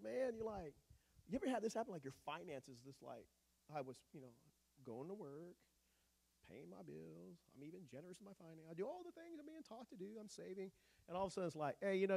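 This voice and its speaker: A male pastor preaching a sermon in an animated, joking, conversational way. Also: sits high, creaky.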